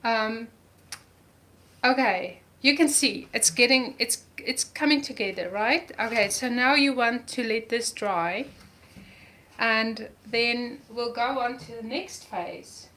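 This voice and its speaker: A woman's voice: on the high side, takes it slowly, pushed and bright, slight background noise. A woman teaching a live art journaling lesson, talking through each step as she paints and gushing over colors. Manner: enthusiastic about colors, repeats words.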